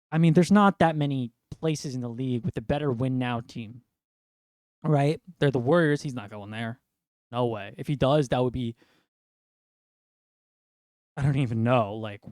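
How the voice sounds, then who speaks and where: Young man from New York, exasperated rambling sports rant, mid-pitched voice, close and dry. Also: darkish tone, dry recording. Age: young adult. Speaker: sports fan vlogger. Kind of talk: ranting sports commentary.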